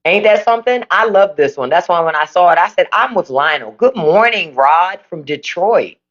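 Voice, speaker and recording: Livestream host, casual chat, blunt and profane, lively pitch, dull phone audio. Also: normal speed. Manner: blunt, profane political opinions; animated, emphatic. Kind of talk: casual live chat reading viewer comments.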